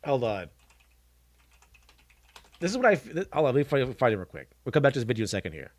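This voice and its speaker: A man's voice: mid-range voice, big pitch swings, quick pace, dry recording. A man giving casual live-stream reaction commentary, blunt and mocking, scoffing at what he watches and restarting sentences as he goes.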